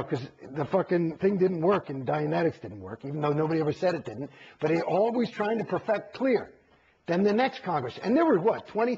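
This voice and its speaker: A middle-aged man with a husky, fairly high voice, swearing freely as he tells his story. He lurches between loud outbursts and low mutters and acts out the voices of other people. The recording sounds dull and lo-fi. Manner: profane, animated, acts out quotes. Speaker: interview guest. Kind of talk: candid interview storytelling.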